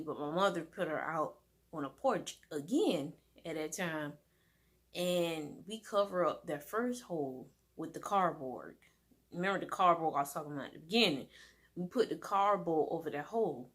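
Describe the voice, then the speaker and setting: Woman, casual storytime, rambling, animated, lots of fillers. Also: on the low side. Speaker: vlogger.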